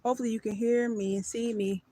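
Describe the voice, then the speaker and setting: A woman's voice: fairly high pitch, level tone, fast talker, dark tone, a little hiss or hum. A woman livestreaming casually while she walks her dog outside at night, rambling and breaking off to call the dog, talking into a handheld phone. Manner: talks while walking. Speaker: vlogger on a live stream. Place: outdoors at night. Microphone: phone held by hand.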